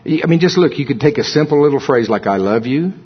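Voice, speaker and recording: Husky-voiced male preacher. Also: a little high, quick pace. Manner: folksy, humorous asides. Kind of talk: sermon. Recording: dull lo-fi recording.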